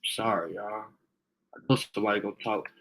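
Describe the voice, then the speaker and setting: A man's voice: on the low side, fairly even intonation, a little fast, creaky, a bit bright. A man speaking into his phone on a live video, confrontational and profane, repeating himself as he appeals to viewers. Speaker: livestreamer asking viewers for help. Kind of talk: heated live video rant.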